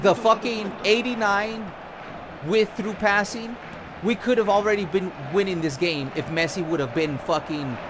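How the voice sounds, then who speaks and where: A young man with a high voice streams a football video game, ranting and swearing often in casual commentary. Background noise can be heard.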